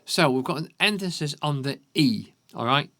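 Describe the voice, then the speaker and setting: A man's voice: on the high side, expressive, normal speed. A man with a Yorkshire accent teaching a beginner piano lesson, counting beats aloud and checking in with frequent "okay?". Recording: piano music loud underneath. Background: piano playing.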